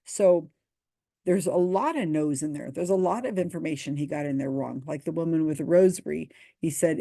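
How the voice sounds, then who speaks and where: A woman's voice: low-pitched, moderate pace, gravelly, warm tone, dry recording. A woman casually commenting on video comments, reading them aloud and answering in a dry, skeptical way.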